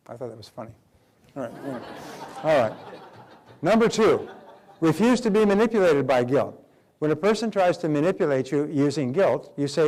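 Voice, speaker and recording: A man's voice: a little high, expressive, normal speed, long pauses, a little mellow. A middle-aged man giving a motivational talk, emphatic, repeating key phrases and acting out quoted dialogue. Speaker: motivational speaker.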